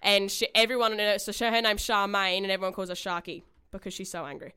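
A woman's voice: medium pitch, steady tone, quick pace, sharp tone, clean tone. A young woman co-hosting a radio show, telling a rambling, candid story and swearing freely. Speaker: radio co-host. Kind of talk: casual radio chat.

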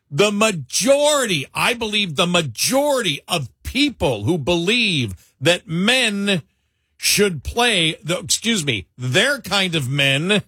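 Man, talk radio co-host, opinionated commentary, forceful tone, dry close studio mic. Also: high voice, breathy edge, no room sound. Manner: chuckling, repeats himself, quick asides.

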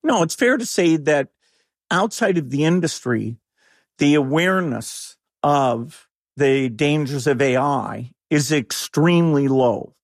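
A man's voice: on the high side, lively intonation, takes it slowly, no echo, studio quality. A man as a guest in an interview, arguing in an urgent, emphatic and incredulous way. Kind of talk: interview conversation.

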